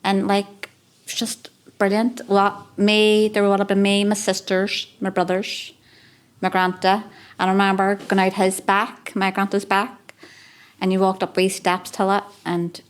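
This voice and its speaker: A woman's voice: mid-range voice, completely flat delivery, measured pace. Chatty Belfast woman reminiscing. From West Belfast. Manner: chatty, rambling, many "like" fillers. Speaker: carer sharing memories. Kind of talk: reminiscing on a podcast.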